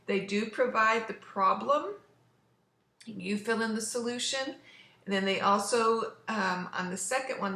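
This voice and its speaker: A woman's voice: a little high, measured pace, bright, forceful tone. A woman teacher giving remote class instructions, patiently explaining step by step. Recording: roomy echo.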